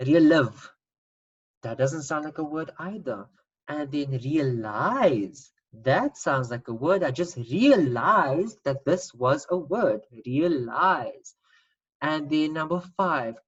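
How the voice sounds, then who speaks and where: A teacher giving an online spelling lesson, patiently sounding out words and repeating them slowly. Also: medium pitch, husky, highs cut off.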